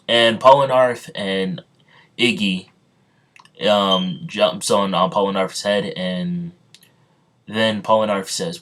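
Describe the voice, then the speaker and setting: A man narrates a story he invents as he goes. His telling is halting, full of ums and restarts. His voice sits somewhat low. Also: fairly bright tone. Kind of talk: improvised fan story narration.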